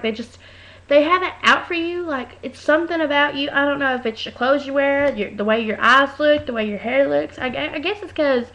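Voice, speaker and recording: A woman chatting into her webcam, telling stories in a loud, animated way and acting out other people's voices. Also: sits high. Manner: chatty storytelling, acts out voices, talks loud. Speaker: vlogger. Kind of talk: casual webcam rant. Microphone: webcam mic. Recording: dull lo-fi webcam audio.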